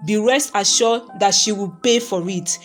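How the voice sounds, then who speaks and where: A woman voicing a calm, firm male police officer who explains procedure and gives advice, in a storybook reading. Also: mid-range voice, faint music behind, lightly acted. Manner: measured, emphatic.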